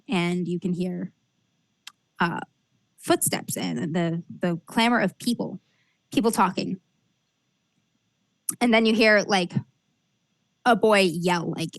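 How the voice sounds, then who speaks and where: A woman's voice: fairly low pitch, creaky, no echo. A woman game master narrates a tabletop adventure scene by scene. Her delivery is descriptive and casual, with frequent fillers and restarts. The sound is dry and close, with no room around it.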